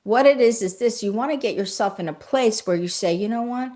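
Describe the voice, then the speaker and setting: This woman, a spiritual coach and livestream host, gives a motivational talk built on gentle, repeated affirmations, welcoming viewers by name as their comments come in. Her medium-pitched voice is animated and a little fast.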